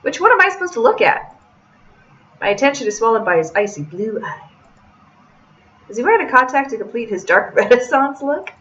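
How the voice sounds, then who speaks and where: A woman's voice: a little high, very animated, fairly quick, pauses often, fairly bright tone, lo-fi sound. A young woman reading a visual novel aloud and adding chatty, joking asides as a let's-play host.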